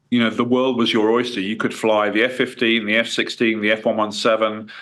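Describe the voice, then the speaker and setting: A middle-aged man with a croaky voice from a cold, answering interview questions in a hesitant way with fillers and restarts. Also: fairly low pitch, bright, forceful tone. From United Kingdom. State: hoarse from a cold. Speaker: guest, former fighter pilot.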